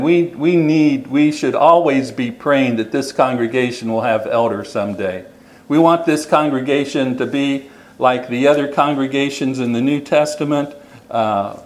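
A man's voice: medium pitch, low-quality recording. A man preaching a sermon in a church, speaking plainly and earnestly, often repeating his phrases and ending with an appeal to come forward. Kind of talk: sermon with closing invitation. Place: church hall.

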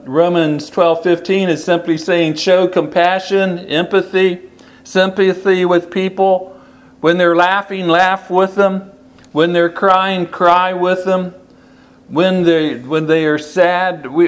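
Male preacher, fairly high voice, slow deliberate delivery, sermon, repeats key phrases.

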